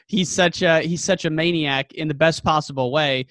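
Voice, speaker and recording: A man's voice: fairly high pitch, normal speed, a bit bright, no echo. Podcast host man, dry close sound. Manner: friendly, asks long rambling questions. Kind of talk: casual interview chat.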